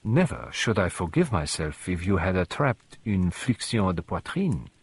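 A man voicing a shrewd elderly Belgian detective, speaking in a measured, formal way with words mixed in. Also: low voice, sing-song, slightly rough, no echo, exaggerated voice. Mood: explaining.

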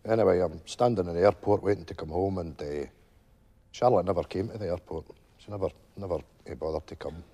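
An actor playing an older widowed Glasgow pensioner with a Glaswegian Scottish accent, telling a rambling stage monologue full of "you know" asides. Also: male voice, deep voice, fairly quick, dark tone. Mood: wistful storytelling. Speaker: stage character telling a story to friends.

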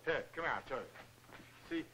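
An actor playing a cheerful, dim-witted boxer who rambles earnest slangy nonsense, in 1940s film comedy acting. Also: male voice, fairly high pitch, expressive, a little fast, pushed and bright, slight background noise, rough recording.

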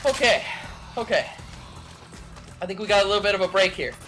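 A young man hosting a let's play, excitable and shouting trash talk at enemies. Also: high voice, a little fast. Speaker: gaming channel host. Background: game music and sound effects.

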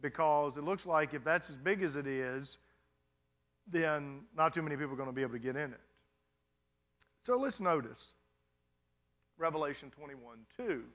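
A man's voice: a little high, animated, moderate pace, pauses often, a bit bright. A male pastor answering congregation questions in a sermon, talking conversationally and often checking in with "you understand?".

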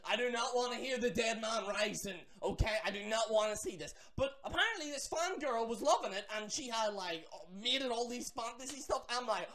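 A man rants to his camera about wrestling fans. He is animated and profane, tossing in mocking asides and quick restarts. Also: high-pitched. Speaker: wrestling vlogger. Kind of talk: ranting commentary.

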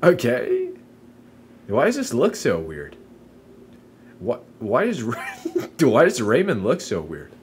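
A young man chatting through a game in a lively, up-and-down voice, swearing freely and laughing a lot. His pitch sits in the middle for a man, and soft game music plays behind him. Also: slow, long pauses. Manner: swears freely, laughs often, muses aloud. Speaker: let's play streamer. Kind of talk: casual gameplay commentary.

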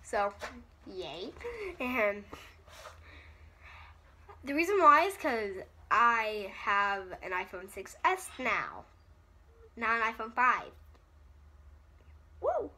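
A woman talks slowly to her camera in a loose, giggly way, poking fun at herself. Her breathy voice sits fairly high and jumps around a lot. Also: animated, bright, forceful tone. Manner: rambling, giggly, self-deprecating. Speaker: vlogger. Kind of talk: casual vlog chat.

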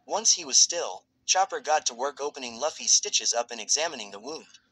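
A man narrates a piece of fan fiction in a steady, even read. His voice sits in a middle pitch with a bright, forward edge. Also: brisk, husky, poor audio.

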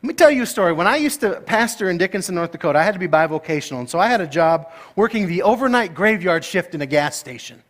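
A middle-aged man delivers a sermon as pastor, his voice sitting noticeably high. He tells stories playfully and climbs into excited outbursts. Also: quick pace, hardly any pauses. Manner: animated, playful storytelling that rises to excited, high-pitched outbursts.

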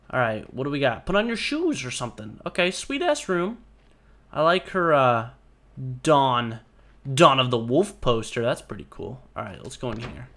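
A man giving live gameplay commentary, jokey and excitable, swearing often. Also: medium pitch, moderate pace. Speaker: gaming video host.

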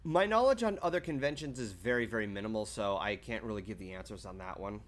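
A male streamer talks loosely with his chat and reads their comments out as they come in. His pitch swings widely from line to line. He swears often and without fuss. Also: quick pace, hardly any pauses. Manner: lively, swearing, reading chat aloud. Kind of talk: casual chat with stream viewers.

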